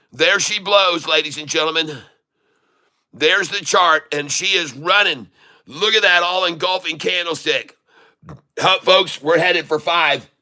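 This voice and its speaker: Bright-voiced excitable trading streamer man. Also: fairly high pitch. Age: middle-aged. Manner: excitable, folksy, calls out to viewers as folks. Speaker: day-trading livestream host. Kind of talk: live trading stream chat.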